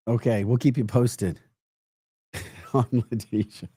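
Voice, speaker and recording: A man's voice: lowish voice, fairly even intonation, slow pace, pauses often, warm tone, husky, no room sound, clean studio sound. A man hosting a live political podcast, emphatic and mocking, often breaking into laughter while reacting to chat comments. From United States. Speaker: podcast host.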